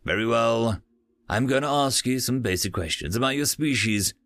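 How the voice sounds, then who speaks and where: A man's voice: medium pitch, fairly bright tone, dry recording, lightly acted. A man doing a precise older interrogator. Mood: cool. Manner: measured, precise, enunciating. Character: older male military interrogator, formal.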